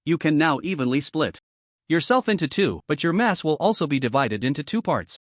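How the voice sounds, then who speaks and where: A man's voice: on the high side, a little fast, no echo, clean studio sound. A man reading an emotionless system voice. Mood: informing. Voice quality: flat and mechanical. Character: emotionless mechanical system voice, genderless.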